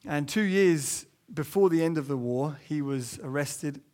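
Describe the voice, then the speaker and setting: Earnest man preaching a sermon. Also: measured pace. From England. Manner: earnest, rises high for quoted inner voices, drops low and soft to stress points. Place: church.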